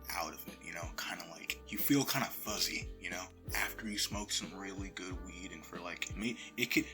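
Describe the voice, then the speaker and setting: A young man casually telling a profane story about his job, recorded on his phone, with lively swings into murmurs and whispers. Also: lowish voice. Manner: profane, animated retelling that drops to murmurs and whispers.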